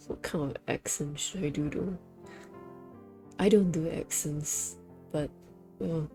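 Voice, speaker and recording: Slow, low-voiced woman streamer. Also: mellow, soft background music. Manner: hesitant, rambling, self-correcting. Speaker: VTuber streamer. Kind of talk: casual chat while playing a game.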